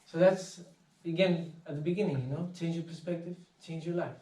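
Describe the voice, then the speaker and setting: A man giving an inspirational talk, telling anecdotes in a casual, animated way and acting out the voices of people in his stories. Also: fairly high pitch, a little fast. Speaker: speaker. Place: meditation centre hall. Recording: echoey hall, voice from far off.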